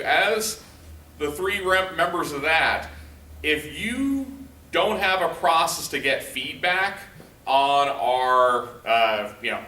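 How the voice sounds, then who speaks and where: Speaking high and bright with a forceful tone, a male leadership trainer runs a live workshop in a conversational style. He frequently quizzes the group and uses plenty of fillers, and the echoey room is captured from a distance.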